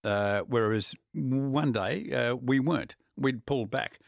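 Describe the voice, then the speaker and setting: Stammering Australian talkback radio host. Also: male voice, mid-range voice, measured pace, gravelly, dry recording, clean studio sound. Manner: stammering restarts, animated and opinionated. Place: radio studio. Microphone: studio microphone.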